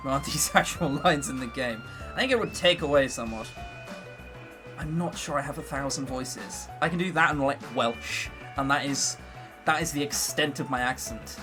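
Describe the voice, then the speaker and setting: A man's voice: medium pitch, moderate pace, over music. A young English man chatting on a casual livestream, joking and self-mocking. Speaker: streamer.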